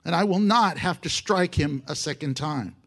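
A man's voice: very high-pitched, lively intonation, moderate pace, pitched above the performer's own voice. A man putting on an eager, boastful young warrior. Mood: eager pleading. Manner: pleading, boastful. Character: eager young male warrior begging to strike.

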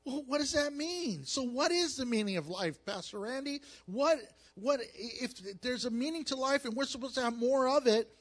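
A man preaching as a pastor, mixing scripture with jokes and animated storytelling. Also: very high-pitched. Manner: animated, jokey storytelling with acted asides. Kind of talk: sermon with humor.

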